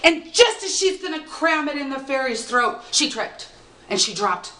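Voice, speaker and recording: A woman telling a folk tale aloud with expressive, dramatic pacing, recorded from a distance in an echoey room. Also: high voice, moderate pace. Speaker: storyteller. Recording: roomy, distant mic.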